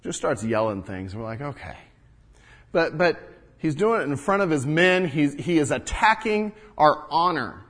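Guy doing an earnest old-jerusalem builder dad, kinda high voice, indignant, lots of "and, and". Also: animated, moderate pace, a bit bright. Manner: earnest and indignant, stumbles over repeated words. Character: earnest male wall-builder and father in ancient Jerusalem. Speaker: first-person biblical character monologue. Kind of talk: dramatic first-person storytelling.

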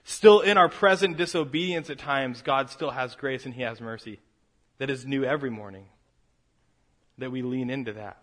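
A man preaching a sermon, moving from quiet reflection to a fervent, raised delivery. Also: medium pitch, normal speed. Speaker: pastor.

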